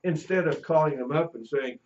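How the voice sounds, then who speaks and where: A man's voice: fairly high pitch, fairly quick, darkish tone, highs cut off. A middle-aged man teaching a class, telling anecdotes and acting out the voices of people in his stories. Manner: storytelling, acts out quoted voices. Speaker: teacher educator.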